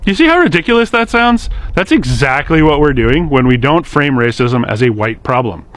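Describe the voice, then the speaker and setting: A man's voice: mid-range voice, very animated, normal speed, fairly bright tone. A man hosting a short explainer video series, talking straight to camera in a direct, earnest and lightly sarcastic way. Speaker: host of a social media series. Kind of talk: scripted explainer monologue to camera.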